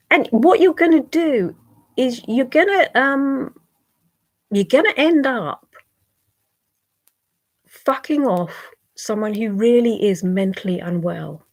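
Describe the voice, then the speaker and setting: A woman's voice: fairly high pitch, animated, measured pace, long pauses. A British woman on a livestream, bluntly scolding and swearing at online trolls.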